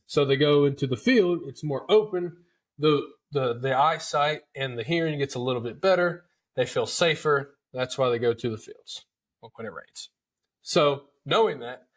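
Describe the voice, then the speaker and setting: A man's voice: medium pitch, moderate pace. A man, hosting a podcast and telling a hunting story in a chatty, folksy way. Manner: chatty, folksy, repeats words and calls listeners dude. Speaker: podcast host. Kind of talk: casual storytelling.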